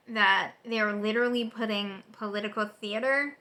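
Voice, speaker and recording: A woman political vlogger in an unscripted, angry rant, exasperated and swearing, with rapid repetitions and restarts. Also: fairly high pitch, pushed and bright.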